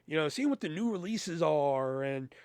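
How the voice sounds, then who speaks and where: Guy telling a story on his podcast, swears a lot, does everyone's lines himself, kinda high smooth voice, dry close sound. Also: moderate pace, no echo. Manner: animated, profane, acts out both sides of conversations. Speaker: podcast host. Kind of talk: casual storytelling monologue.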